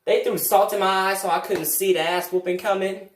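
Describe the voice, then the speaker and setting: A young man telling a comic story about his past, animated, jumping between loud outbursts and low mutters. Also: a little fast. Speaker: vlogger. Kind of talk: comedic storytime monologue. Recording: roomy, distant from the mic.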